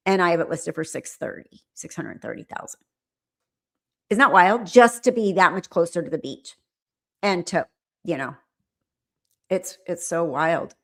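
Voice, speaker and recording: Speaking a little slowly on the low side and pausing often, a middle-aged livestream host chats casually with her viewers. Her talk rambles, frequently trailing off and starting again.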